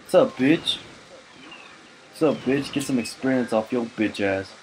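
A drunk man doing gaming commentary, cursing, shouting and laughing as he plays. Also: medium pitch, unhurried, slight background noise, low-quality recording. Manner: profane, loud outbursts and laughing. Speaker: let's player.

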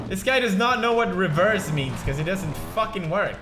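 High-voiced Swedish man raging at a game. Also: lively intonation, normal speed, hardly any pauses. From Sweden. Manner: swears constantly, bursts into frustrated shouting. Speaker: gaming commentator. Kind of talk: let's play commentary. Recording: echoey room with loud game music.

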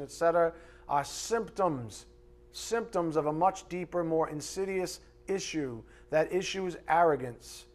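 Emphatic, fairly high-voiced pastor preaching. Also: male voice. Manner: emphatic, conversational, mocking asides. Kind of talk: live sermon. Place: church sanctuary, pulpit.

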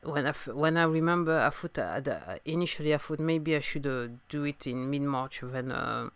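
A singer-songwriter from France hosts a casual solo podcast, speaking with a French accent in a low, smooth voice at a slightly fast pace; the recording is dry. Recovering from a sore throat, she coughs and talks hesitantly, full of fillers and restarts.

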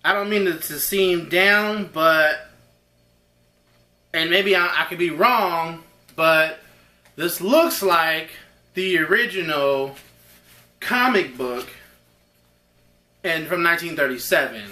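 A man hosting an unboxing video, rambling excitably and talking straight to his viewers. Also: fairly high pitch, slow, long pauses, reverberant. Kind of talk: casual unboxing chat.

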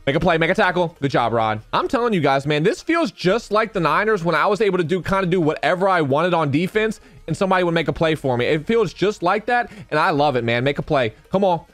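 Young man, excitable gameplay commentary, repeats himself, voice cracking, game music behind. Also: a little high, fast talker, hardly any pauses, no room sound. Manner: excitable, talks to viewers, repeats phrases. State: voice cracking, losing his voice. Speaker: gaming YouTuber.

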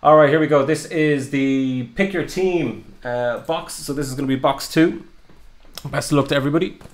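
A young man with a slightly high voice talks at a normal pace as he opens trading card packs live. His commentary is chatty and upbeat, full of ums and uhs, in the style of a card breaker.

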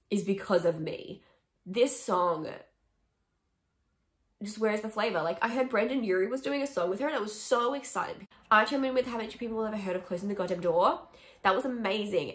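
Young woman vlogger, chatty and opinionated, sarcastic asides, mid-pitched voice in an echoey room. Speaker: music vlogger. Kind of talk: casual ranking chat to camera.

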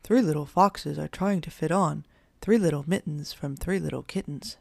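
A good-humored old bear grandfather who speaks in rhymes with a sing-song lilt, as a woman reads him. The voice sits low with a gravelly edge. It is recorded close and dry, like a storybook reading. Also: moderate pace, darkish tone, no room sound. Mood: jolly. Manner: rhyming sing-song speech.

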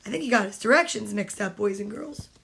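A woman's voice: mid-range voice, lively intonation, fairly quick, vocal fry, fairly bright tone. A woman at home reading picture books aloud to children, playful and chatty, speaking straight to the kids. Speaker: storytime host.

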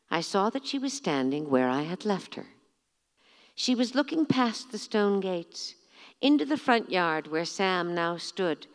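A middle-aged woman, an author, reading from her memoir in a measured, expressive, theatrical way at a bookstore event. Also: medium pitch, in a large hall.

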